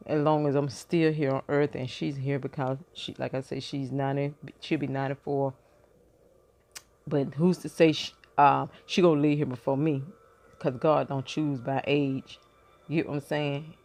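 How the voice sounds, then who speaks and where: A woman's voice: low-pitched, fairly even intonation, moderate pace, darkish tone. A woman in her fifties chatting casually to her viewers from bed, rambling and thinking aloud with many fillers and restarts. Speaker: vlogger. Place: in bed at home.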